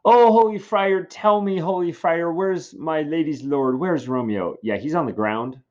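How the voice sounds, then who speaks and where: A fretful old nurse, all high-pitched lamenting and fuss, as a man reads her aloud. Her voice climbs well above his normal register, and the audio sounds slightly dull. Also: unhurried, darkish tone, natural voice. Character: fussy, fretful older female nurse.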